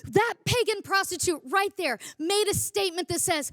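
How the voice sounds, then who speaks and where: Woman, preacher, high-pitched, dry, emphatic, repeating phrases. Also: animated, normal speed, fairly bright tone, no echo. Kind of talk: sermon.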